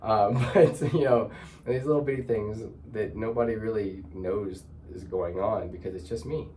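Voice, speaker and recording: A man's voice: lowish voice, steady tone, normal speed, warm tone, a little hiss or hum. A man hosting a heartfelt conversation, talking in a reflective, searching way with many restarts. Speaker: host.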